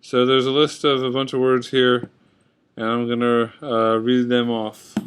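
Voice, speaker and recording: A man's voice: medium pitch, completely flat delivery, unhurried, smooth. A man in a casual video, reading words off a list on his computer and chatting about how he pronounces them. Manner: reads word list, comments offhand. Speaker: vlogger. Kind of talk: casual accent tag video. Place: indoors at a computer. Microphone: webcam at computer.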